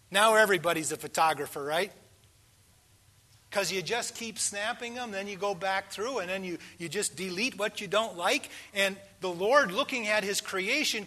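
Preaching to his congregation, a high-pitched man in his sixties asks them questions and alternates between quiet, hushed pauses and loud, emphatic bursts.

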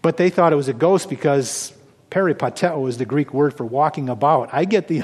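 A man preaching a sermon, swinging between raised exclamations and hushed, low passages. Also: slightly rough, in a large hall. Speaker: pastor.

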